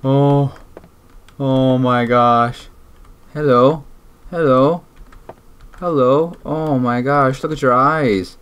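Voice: mid-range voice, steady tone, very slow, long pauses, a bit bright, smooth. A gamer giving let's-play commentary, jumpy, talking to themself and swearing often. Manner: jumpy, swears and talks to self. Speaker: gamer playing a horror game.

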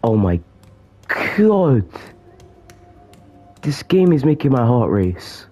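A man's voice: medium pitch, very animated, normal speed, mellow, soft background music. A man giving joking commentary as he plays a horror game, talking to the character chasing him. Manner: jokey, talks to the game's villain. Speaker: gaming YouTuber.

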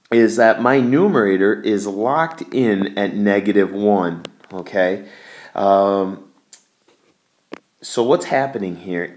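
A man teaching a calculus exam review in a relaxed, conversational way, with fillers. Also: lowish voice. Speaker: math teacher.

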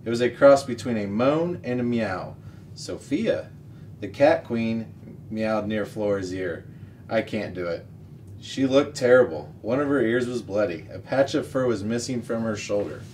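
A man reading a children's novel aloud as the show's regular reader, steady and expressive. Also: fairly low pitch, moderate pace. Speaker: story reader. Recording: distant mic, faint noise.

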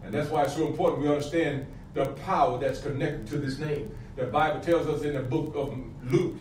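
Pastor, middle-aged man, high voice, fervent preaching style, recorded at a distance in a church. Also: steady tone, a little fast, darkish tone. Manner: fervent preaching with call-and-response questions. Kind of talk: sermon. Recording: echoey, from a distance, faint room noise.

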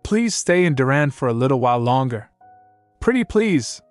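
A man's voice: mid-range voice, lively intonation, fast, clean tone, dry recording, soft background music, close to an everyday voice. A man voicing a groveling, scheming young king who pleads and pushes. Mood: pleading. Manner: pleading, whiny, pushy.

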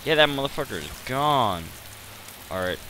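A man's voice: medium pitch, animated, moderate pace, background noise. A man giving rambling, self-deprecating commentary over his gameplay, hesitant and full of fillers. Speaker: gaming channel host.

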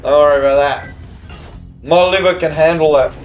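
A man's voice: fairly high pitch, fairly even intonation, normal speed, highs cut off, soft background music. A man who is a bit tipsy and slurring, chatting and swearing while he streams to viewers. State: tipsy, slurring a little after beers. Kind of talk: live gambling stream chat. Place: hotel or home room abroad.

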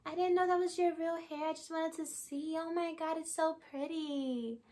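A woman's voice: extremely high pitch, steady tone, moderate pace, dark tone, pitched above the performer's own voice. A woman voicing a clueless, gushing young female coworker who rambles apologies. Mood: fawning.

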